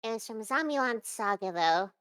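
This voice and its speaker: A woman's voice: fairly high pitch, expressive, moderate pace, a bit bright, dry recording. A young adult woman, a VTuber guest in a casual interview, rambling with lots of fillers and restarts.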